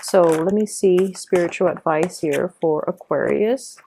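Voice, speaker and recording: A woman's voice: on the low side, a little slow, mellow, slight background noise. A woman giving a casual pick-a-card tarot reading, talking loosely with fillers and frequent "okay?" check-ins. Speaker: tarot reader.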